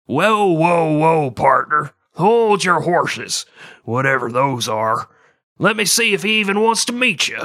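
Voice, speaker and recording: A man's voice: on the high side, big pitch swings, a little slow, sharp tone, pitched above the performer's own voice, full character voice. A man doing a drawling cowboy-style Aztec governor. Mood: mock-stern.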